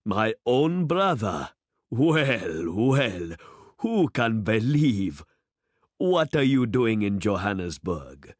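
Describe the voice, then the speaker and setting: A man's voice: on the low side, sing-song, slow, dry recording, heavily acted. A man voicing a worldly, boastful middle-aged city man who speechifies with rising fervor, in a dry, close storybook reading. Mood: jovial. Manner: expansive, speechifying, rising to oratory.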